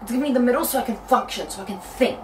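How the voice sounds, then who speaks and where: A young woman from Britain chatting casually in a book vlog from her bedroom, telling stories in a lively, animated way. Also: fairly high pitch, recorded from a distance, a little hiss or hum, low-quality recording. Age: young adult. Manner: chatty, quick and animated storytelling. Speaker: book vlogger. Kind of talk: casual chat.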